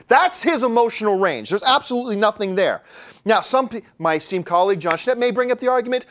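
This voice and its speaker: A man's voice: sits high, expressive, quick pace, a bit bright. A man arguing a mock courtroom case in a debate, theatrical and mocking, full of passion.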